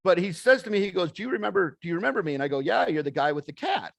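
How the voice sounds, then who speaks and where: A man's voice: high voice, animated, rapid-fire, gravelly, no echo. A middle-aged man giving a motivational talk to an audience, telling a story in a folksy, plainspoken way and acting out the dialogue. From American Midwest. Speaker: speaker.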